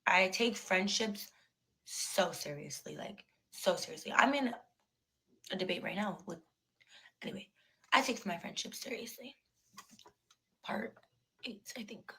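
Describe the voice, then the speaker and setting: A young woman relives a run-in from her time on a reality show, recounting it with animated energy and plenty of swearing. She slips into the voices of the people she quotes and then drops back to her own easy, mid-pitched storytelling tone. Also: unhurried, vocal fry, long pauses, poor audio. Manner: animated, profane, acts out quoted exchanges. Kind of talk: storytelling interview clip.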